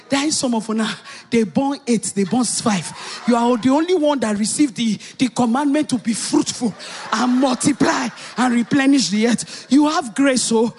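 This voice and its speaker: A middle-aged Nigerian woman preacher telling a personal story in a sermon, animated, with loud exclamations. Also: a little high, moderate pace.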